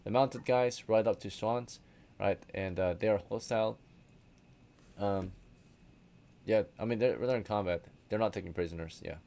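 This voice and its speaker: A man's voice: on the low side, normal speed, gravelly, pauses often, mellow. A man running a tabletop game as game master, casual and often checking in with the players.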